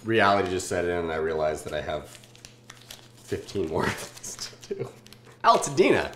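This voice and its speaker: A man in his twenties from Southern California hosting a casual food-tasting vlog, joking and swearing in deadpan asides. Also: low-pitched, normal speed, reverberant, noisy background. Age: 20s.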